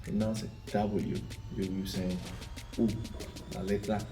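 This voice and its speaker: A man, teaching the alphabet by slowly repeating each letter sound. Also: on the low side, flat delivery, over music. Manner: slow, repetitive letter drilling. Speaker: language teacher. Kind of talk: spelling out the Spanish alphabet. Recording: echoey room, mic at a distance.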